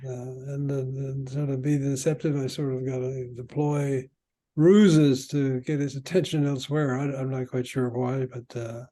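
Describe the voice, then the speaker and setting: An older man, a veteran player, telling rambling stories from the old days with halting restarts. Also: medium pitch, flat delivery, dark tone. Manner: halting, many restarts while recalling. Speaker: guest, veteran padel player. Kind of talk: rambling anecdotal storytelling.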